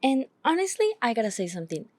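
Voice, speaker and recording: A woman's voice: on the high side, big pitch swings, fast, a little mellow, no echo. A woman vlogging in a casual chat, talking frankly and with exasperation while she reads back through an old journal. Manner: frank, exasperated, self-critical.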